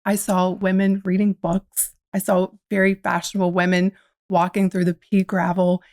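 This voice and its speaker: Gravelly woman. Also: mid-range voice, monotone, moderate pace, a little mellow, no room sound, clean studio sound. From American South. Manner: reflective, uses quoted inner dialogue. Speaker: podcast guest, founder. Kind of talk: casual interview storytelling.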